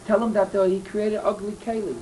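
A man's voice: high voice, flat delivery, a little fast, mellow, recorded from a distance, slight background noise, voice pushed down, natural voice, poor audio. Man voicing a stern disfigured stranger. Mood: firm. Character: deformed stranger, calm, unforgiving.

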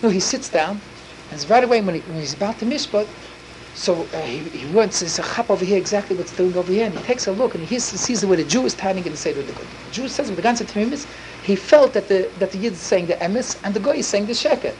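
Fast-talking man telling a story with inflection. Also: high-pitched, expressive, noisy background. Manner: rapid, breathless, full of Yiddish and Hebrew words. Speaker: storyteller for children. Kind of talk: animated storytelling.

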